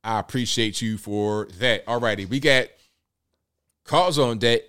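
A man's voice: mid-range voice, unhurried, smooth. A man hosting a live call-in show, reading out viewer comments and taking calls in an upbeat way. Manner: upbeat, reads out viewer comments and shout-outs. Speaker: show host.

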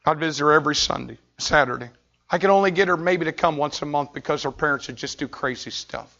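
Man pastor preaching, gravelly, bright, dull lo-fi recording, shouts then hushes. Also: fairly high pitch, fast. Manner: intense storytelling, swings from shouting to hushed. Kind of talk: sermon.

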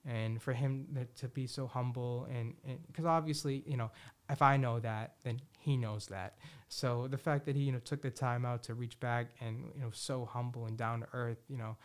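A man's voice: medium pitch, steady tone, normal speed. A man hosting a podcast in casual chat, rambling with many restarts and fillers, swearing freely and sounding enthusiastic. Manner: enthusiastic about music predictions. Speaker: podcast host. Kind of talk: casual solo talk.

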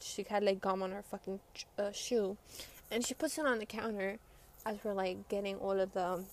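A woman's voice: mid-range voice, a little mellow, a little hiss or hum. A young woman telling a rambling, profane storytime, often quoting her friends. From Brooklyn, New York. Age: young adult. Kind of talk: casual storytime.

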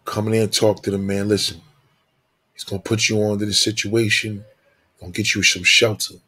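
A man's voice: on the low side, little pitch movement, a little fast, sharp tone, slightly rough. A man playing a kindly street-wise male angel who coaxes and reassures a friend in trouble. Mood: reassuring.

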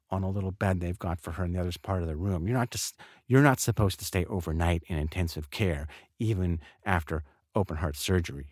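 A man's voice: low voice, a little mellow, no room sound, clean studio sound. A middle-aged man candidly telling a personal story in a podcast monologue, casual and blunt, with some swearing. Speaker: podcast host.

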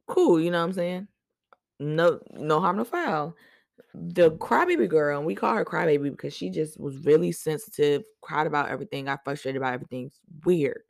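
A woman hosting a podcast, telling stories in a chatty, animated way with slang and lots of fillers. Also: low voice, fairly quick, creaky, dry recording, studio quality. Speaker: podcast host. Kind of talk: casual storytelling chat.

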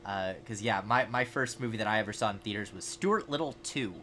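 Bright-voiced young man telling stories. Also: lowish voice, fairly quick, slight background noise. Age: 20s. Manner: animated, self-mocking anecdote teller. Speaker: podcast co-host. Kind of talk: casual chat, storytelling.

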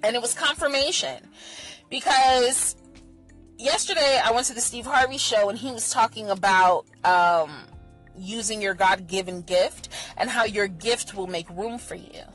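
A woman talking candidly in a personal vlog, bluntly profane, swinging between heated rants and soft, soothing reassurance. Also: fairly high pitch, measured pace, soft background music, poor audio. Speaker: vlogger sharing personal experience.

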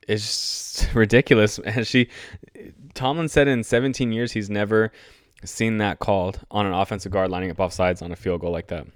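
A man's voice: fairly low pitch, smooth, dry recording, clean studio sound. A young man hosting a solo sports podcast, ranting in a profane, exasperated and rambling way. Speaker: podcast host.

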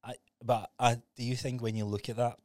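A man co-hosting a podcast, telling stories in a sweary, animated, casual way. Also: medium pitch, brisk, no echo, studio quality. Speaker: podcast co-host.

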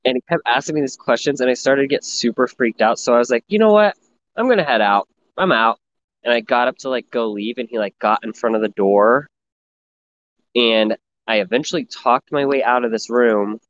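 A man's voice: medium pitch, a little fast, fairly bright tone. A young man in casual crude chat, telling stories and mocking himself. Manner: storytelling, self-mocking. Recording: dull lo-fi sound, faint noise.

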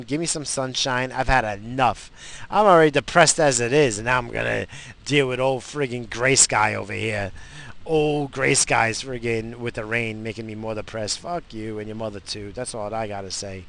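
A man's voice: medium pitch, normal speed, creaky, a bit bright. A man alone at the mic, worn out and rambling, swearing freely as he gripes through his podcast. His talk is loose and mock-grumpy, moving from one complaint to the next. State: tired. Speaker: podcast host. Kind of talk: casual solo podcast rant.

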